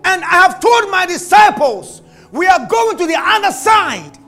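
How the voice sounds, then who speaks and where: A man's voice: very high-pitched, big pitch swings, measured pace, gravelly, pushed and bright, soft background music, voice pushed up, full character voice. A male preacher voicing a commanding savior who rebukes a storm in a sermon, speaking firmly and declaiming.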